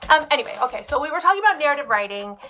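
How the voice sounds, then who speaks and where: A woman's voice: high voice, rapid-fire, a little hiss or hum. A young adult woman teacher on a phone live stream, chatty and a little nervous, talking through a classroom writing lesson. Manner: animated, acts out students' excited voices. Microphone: phone camera.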